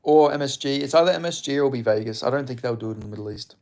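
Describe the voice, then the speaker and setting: A man's voice: mid-range voice, rapid-fire, a little mellow. A young Australian man from Western Australia chatting casually on a livestream about MMA, reading chat and rambling with plenty of swearing and filler words. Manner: rambling and profane, with frequent fillers and chuckles.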